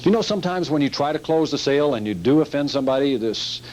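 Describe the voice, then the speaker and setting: A man's voice: fairly high pitch, expressive, quick pace, darkish tone, low-quality recording. A man teaching a sales training seminar, emphatic and repetitive, acting out sales scenes as he goes.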